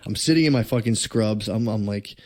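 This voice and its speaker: A young man co-hosting a podcast, telling a story in a rambling, profane, excitable way. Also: lowish voice, brisk. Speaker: podcast co-host. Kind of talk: casual podcast chat.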